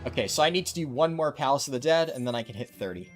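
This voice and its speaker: A man from New Jersey chatting casually while streaming a video game, relaxed and talkative as he reacts to his chat. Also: medium pitch, rapid-fire, faint music behind. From New Jersey, USA.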